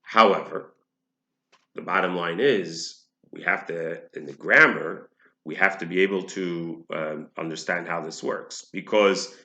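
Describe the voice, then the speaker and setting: A man teaches a religious text in a bright, pressing voice, working through each point slowly and restating it. His words ring around an echoey room. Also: lowish voice. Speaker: Torah teacher. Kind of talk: explaining a text to listeners.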